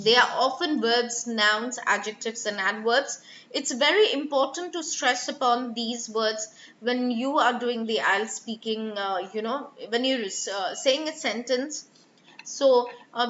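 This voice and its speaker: Bright-voiced woman teaching pronunciation. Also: high voice, slight background noise. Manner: explanatory, demonstrates pronunciation of example words. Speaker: IELTS speaking trainer. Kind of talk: live online lesson. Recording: echoey room, slightly dull sound.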